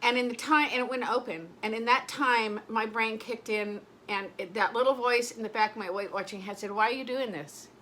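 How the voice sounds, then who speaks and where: A woman's voice: on the high side, fairly even intonation, fairly quick, hardly any pauses, a bit bright, a little hiss or hum. A middle-aged woman vlogging in casual chat, rambling and emotional, often breaking off mid-sentence. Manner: rambling, emotional, self-interrupting.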